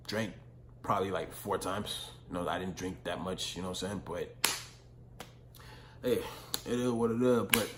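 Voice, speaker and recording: A man's voice: medium pitch, fairly bright tone, slight background noise. Slangy profane young man telling a story. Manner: slangy, profane, repeats "you know what I'm saying". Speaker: vlogger. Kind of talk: casual storytelling.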